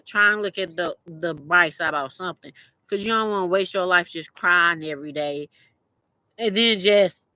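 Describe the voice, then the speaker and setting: A young adult woman hosts a podcast, delivering a casual motivational monologue while teary-eyed, blunt, profane and rambling, restarting often. Her fairly low voice sounds bright and forceful. The recording is rough, with no echo.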